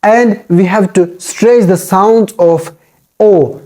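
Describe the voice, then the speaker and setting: Mellow-voiced man teaching pronunciation. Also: high-pitched, takes it slowly. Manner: repetitive, drills each word aloud. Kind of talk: instructional talk.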